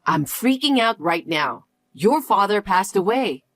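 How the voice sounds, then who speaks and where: A woman voicing a frantic middle-aged mother who pleads, pushes and keeps repeating herself, in a lower, heavier register. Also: big pitch swings, measured pace, fairly bright tone, no echo. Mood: pleading. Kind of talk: dialogue story acting.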